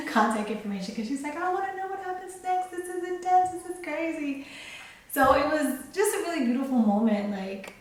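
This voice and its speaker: A young adult woman tells a personal story straight to camera in a chatty, heartfelt way, laughing now and then. Her voice sits at a middling pitch. The sound is very echoey and a little distant, as if the mic is away from her in a bare room. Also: a little mellow. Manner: chatty, emotional, laughs often. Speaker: vlogger.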